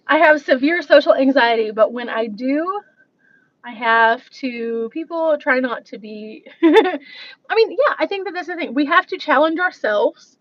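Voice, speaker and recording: A woman's voice: high voice, expressive, a little slow, highs cut off. A woman vlogger talking casually on a live stream, rambling and laughing often as she reads out viewer comments. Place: coffee shop.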